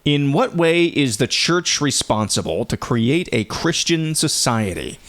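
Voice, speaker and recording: A man's voice: a little high, a little slow. A man hosting a talk show, chatting casually and reading passages aloud. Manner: relaxed, chatty, laughs easily. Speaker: host.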